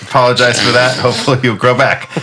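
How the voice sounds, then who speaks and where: A man's voice: mid-range voice, level tone, fast, background noise. A man playing in a tabletop game, chatty and apologetic as he reads out rules and talks to the others. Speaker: player.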